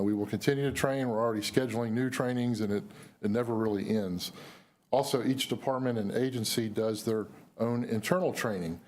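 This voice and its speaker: A man, an emergency manager, giving a measured briefing at a city news conference, his voice going hoarse, with frequent "uh" and "um" fillers. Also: on the low side, a little mellow, slight background noise. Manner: measured, filler-heavy official delivery. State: losing his voice.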